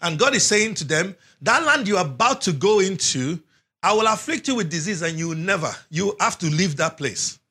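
A man's voice: high-pitched, expressive, moderate pace, sharp tone, breathy edge. A man preaching a sermon, reading scripture aloud and stressing words with big rises and drops, asking questions and answering them himself.

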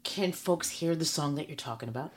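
A woman's voice: deep voice, a little fast, a crowd in the background. A woman hosting an interview, asking curious questions and nudging the talk along with short replies. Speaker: interviewer host. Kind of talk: casual interview chat.

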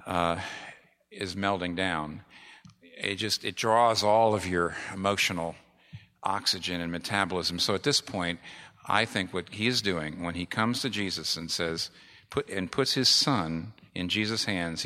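A man's voice: sits low, unhurried, pushed and bright. A middle-aged male pastor preaching a sermon with emphatic repetition. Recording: long reverb of a large hall.

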